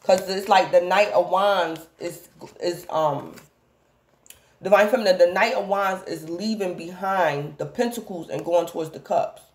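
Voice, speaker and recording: A woman's voice: lowish voice, a little slow, echoey room. A woman giving a casual tarot reading, rambling and repeatedly calling out to her viewers by the same phrase. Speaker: tarot reader.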